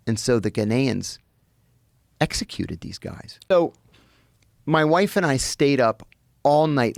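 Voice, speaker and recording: A man from the United States with a gravelly, fry-laden voice recounts events as a podcast guest, slipping into the voices of people he quotes. The sound is dry and close, with no room around it. His pitch sits in an ordinary middle range. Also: no room sound. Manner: animated storytelling, acting out quoted people. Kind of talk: storytelling in a podcast interview.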